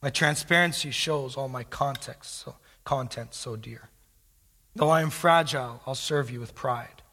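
Fragile crystal goblet, eager and high-pitched, done by a male preacher, echoing in a hall. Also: a little slow, sharp tone. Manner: eager, pleading, raised.

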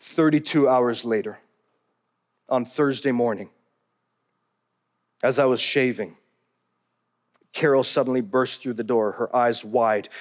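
A man's voice: medium pitch, unhurried, long pauses. A man narrating a first-person memoir in an earnest, heartfelt storytelling manner.

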